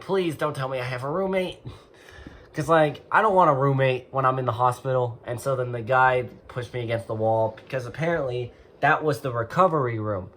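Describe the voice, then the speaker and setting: A man's voice: mid-range voice, fairly bright tone. Young guy rambling thru a story time vid, regular mid voice, bit of faint noise behind. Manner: rambling, heavy use of "like" and "and so". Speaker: vlogger. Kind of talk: casual storytelling.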